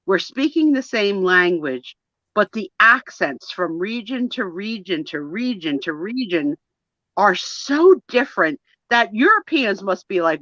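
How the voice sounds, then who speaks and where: A woman from the New Jersey and New York area, chatting in a rambling, animated way while co-hosting a live photo sale. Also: medium pitch, measured pace, no room sound, highs cut off. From northeastern US, New Jersey and New York area. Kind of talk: casual live-stream chat.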